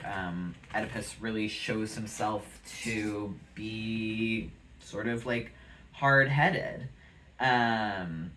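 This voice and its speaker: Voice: medium pitch, a bit bright, far from the mic, a little hiss or hum. A vlogger rambling casually about a play they read, with many fillers and offhand asides. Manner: chatty, lots of fillers and asides. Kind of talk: casual rambling book talk.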